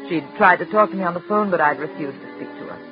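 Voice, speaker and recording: An actress playing a composed married woman who narrates and speaks in a crisp, reserved and firm way, in a 1940s radio drama. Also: fairly low pitch, quick pace, lightly acted. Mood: narrating. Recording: muffled old radio recording with music.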